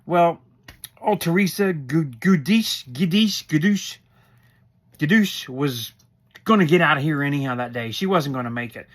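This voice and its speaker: A man's voice: a little high, expressive, measured pace. Rambling middle-aged man recapping a show. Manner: rambling and opinionated, acting out quotes. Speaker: recap commentator. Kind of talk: casual show recap commentary.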